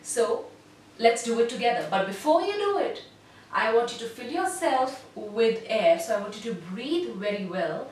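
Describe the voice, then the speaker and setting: A woman voice coach explains exercises in a measured, teacherly way. Her voice sits high and bright. It is recorded from some way off in a very reverberant room with a faint hiss behind it. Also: animated. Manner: measured, instructive, demonstrates sounds. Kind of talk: online voice lesson. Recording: very echoey room, voice heard from a distance.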